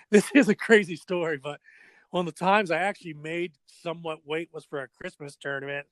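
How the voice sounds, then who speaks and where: A man's voice: a little high, fairly quick, no room sound. A middle-aged man, a drummer and former pro skateboarder, telling stories in a casual interview and acting out voices and sound effects. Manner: animated storyteller, acts out voices and sound effects.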